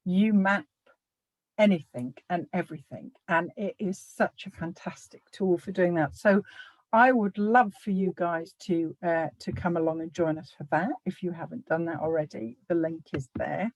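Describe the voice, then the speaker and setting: A woman's voice: mid-range voice, no room sound, low-quality recording. A woman hosting a live online workshop over a video call, upbeat and promotional, with some playful teasing. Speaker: workshop host.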